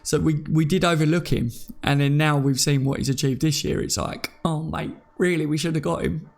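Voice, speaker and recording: A man's voice: a little high, steady tone, fairly quick, creaky. A man hosting a casual live chat, reading out comments and laughing often. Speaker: podcast host.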